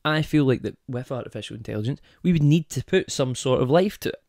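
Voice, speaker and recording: A man's voice: medium pitch, lively intonation, fast talker, a little mellow, no room sound, studio quality. A man hosting a podcast on his own, talking casually and wandering off on tangents while asking his listeners rhetorical questions. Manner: rambling, goes off on tangents, asks rhetorical questions. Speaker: podcast host. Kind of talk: casual monologue.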